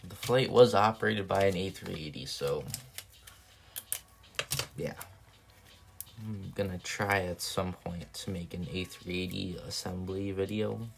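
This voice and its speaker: A man casually thinking aloud while building paper planes on a live stream, soft-spoken and rambling. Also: deep voice, measured pace, creaky, pauses often, slight background noise.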